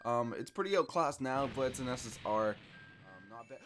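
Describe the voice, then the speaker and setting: A young man narrating his mobile game pulls at a middle pitch, talking casually one moment and yelling with excitement the next. Faint game music plays under his voice. He sounds a little out of breath. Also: a little fast. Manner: hyped, screams when he pulls rare cards. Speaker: gaming YouTuber. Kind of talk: excited gacha summon commentary.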